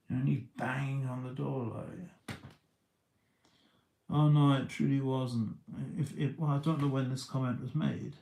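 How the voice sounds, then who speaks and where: A man's voice: mid-range voice, fairly even intonation, measured pace, vocal fry, darkish tone, roomy sound, slight background noise, rough recording. A man telling a long story on a casual livestream, stumbling over restarts and repeating words as he goes.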